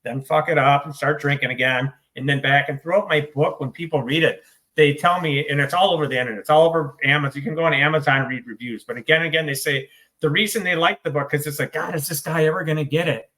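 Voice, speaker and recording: A man's voice: a little high, fast, pushed and bright. A middle-aged man from the United States, telling his own recovery story in an interview, blunt and swearing, self-deprecating. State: choked up. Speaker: interview guest, author in recovery.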